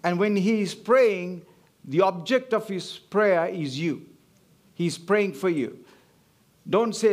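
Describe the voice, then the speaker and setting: High-voiced emphatic male preacher. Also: measured pace. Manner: emphatic, repetitive call-and-response preaching. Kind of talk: sermon.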